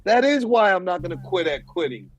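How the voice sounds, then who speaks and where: A man's voice: sits high, sing-song, a little fast, no echo, rough recording. A man hosting a podcast, ranting in heated, profane, emphatic casual talk. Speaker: podcast host. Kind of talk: casual chat.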